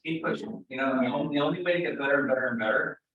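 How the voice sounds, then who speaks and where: A man's voice: mid-range voice, very fast, narrow, tinny audio, slight background noise. A man with a Californian accent coaches his listeners bluntly and with lots of animation. He is heard from a distance, and the room around him is strongly echoey. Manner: blunt, animated, retells stories with acted quotes. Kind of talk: casual coaching talk.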